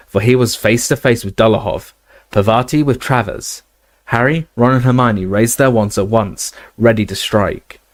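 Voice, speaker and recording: A man narrating a fantasy novel aloud, steady, with occasional slips and restarts. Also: on the low side, no echo. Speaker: audiobook reader. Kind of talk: casual audiobook narration.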